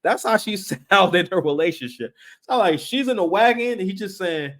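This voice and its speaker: A man giving casual, animated commentary on a reality show, full of slang, repeated words and acted-out quotes. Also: sits high, normal speed.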